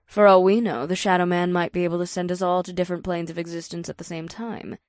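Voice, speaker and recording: A man voicing a serious woman who owns a nightclub, speaking in a grave, measured tone. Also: sits high, flat delivery, no echo, clean studio sound, pitched above the performer's own voice, close to an everyday voice.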